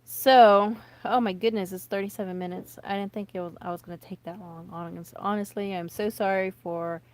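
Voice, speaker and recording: A woman's voice: mid-range voice, steady tone, normal speed, no room sound. A woman in her thirties, a vlogger, rambling chattily and nervously to camera with many fillers and restarts. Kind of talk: casual rambling chat to camera.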